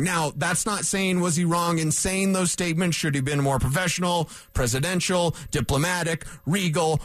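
High-pitched and recorded without any room sound, a male sports radio host unloads a fired-up rant in the studio. He stays emphatic and combative, pounding his arguments by saying them again and again.

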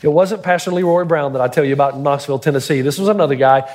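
A middle-aged pastor preaches a sermon, his voice pitched fairly high for a man. He tells stories with dramatic build-ups, layering one line on the next. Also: very fast, darkish tone.

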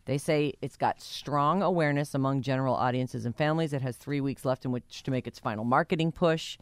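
A woman's voice: extremely low pitch, a little fast, no echo, clean studio sound. A woman hosting a morning radio show, chatty and self-mocking as she reads out the news. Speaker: radio host. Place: radio studio.

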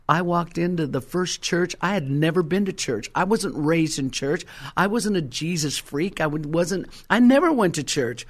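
An older woman giving a personal faith testimony, telling her story emphatically and acting out the quotes. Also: sits low. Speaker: Christian testimony speaker.

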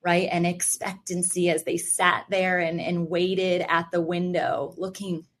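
A woman hosting a podcast speaks in a lower-pitched voice, reflective and faith-centered. She reacts warmly and laughs often during casual chat with her guest. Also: little pitch movement, unhurried, slight background noise. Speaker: podcast host.

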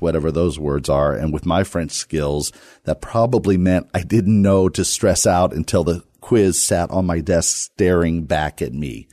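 A man hosting a radio Bible study podcast, talking casually with playful, self-deprecating jokes and sudden lively jumps. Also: sits low, no room sound. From Virginia, US.

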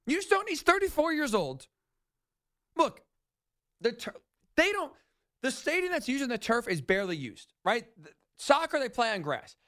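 A man hosting sports talk radio, ranting in an animated, sarcastic monologue about football decisions. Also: very high-pitched, normal speed, pauses often.

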